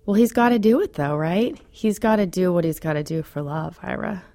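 A woman telling a personal story in a radio interview, chatty and animated, with many fillers and frequent laughs. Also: on the low side, brisk, vocal fry, dry recording.

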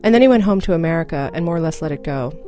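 A woman narrating a scripted radio story in a measured, even manner. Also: low voice, faint music behind.

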